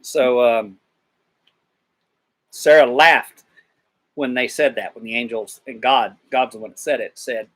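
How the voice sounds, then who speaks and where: A man's voice: medium pitch, a little slow, long pauses, fairly bright tone. A man rambling through a casual Bible discussion, retelling scripture in slangy paraphrase. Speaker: discussion participant.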